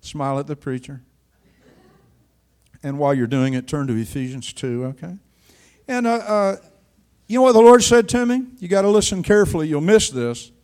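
An older male preacher with a high-pitched voice delivering a sermon. He tells a personal story dramatically, dropping to a hush and then surging loud. His delivery is lively and emotional. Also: normal speed. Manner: dramatic storytelling with sharp swings in loudness.

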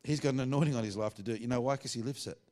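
A man preaches to a church meeting in a loose, conversational way, with self-mocking jokes along the way. His pitch sits in the middle of the male range. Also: rapid-fire, darkish tone. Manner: chatty, self-mocking, joking asides. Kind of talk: sermon.

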